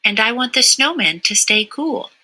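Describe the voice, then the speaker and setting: Husky bright woman reading a storybook. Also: on the high side, lively intonation, moderate pace, poor audio. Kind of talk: reading a children's picture book aloud.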